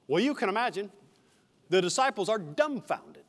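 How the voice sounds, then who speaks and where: A man's voice: sits high, big pitch swings, moderate pace. A man, a senior pastor, preaching an expository sermon verse by verse, with friendly asides to the congregation. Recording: reverberant church hall.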